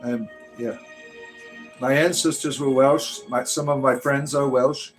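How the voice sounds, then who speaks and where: A man's voice: mid-range voice, steady tone, measured pace, soft background music. A man from the United States hosting a casual livestream, reading chat aloud and rambling with frequent "right?" tags.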